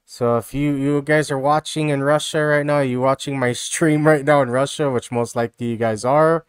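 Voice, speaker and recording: A man's voice: mid-range voice, fairly even intonation, normal speed, clear, resonant tone, no echo, clean studio sound. A man live-streaming casual reaction commentary, rambling and mocking, with lots of "you know" and "dude".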